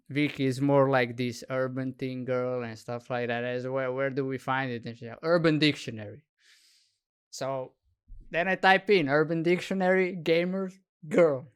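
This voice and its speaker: A man's voice: mid-range voice, clean tone. A man hosting a podcast in casual chat, laughing often and leaning on "you know" as he talks. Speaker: podcast host.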